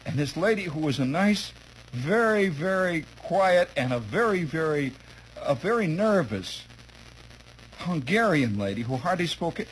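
A man's voice: a little high, normal speed, a little hiss or hum, poor audio. A man telling a humorous childhood story to listeners, chuckling often and acting out the scenes. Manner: chuckling, lively, acts out scenes.

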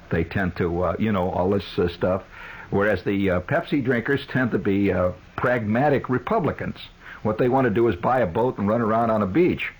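A husky, low-voiced man riffs through a comic radio monologue with a lot of pitch movement. He keeps stopping for "uh" and restarting his sentences, and his tone stays dry and sardonic throughout. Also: rough recording. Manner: wry and sardonic, full of "uh" fillers and restarts.

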